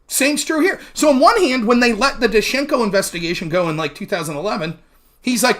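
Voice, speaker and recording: A man's voice: very high voice, lively intonation, brisk, fairly bright tone. Guy ranting about a debate on his show, voice swinging all over, argumentative and kinda profane. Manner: argumentative, mimics opponents mid-sentence; profane and emphatic. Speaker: political talk show host. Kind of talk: heated debate recap monologue.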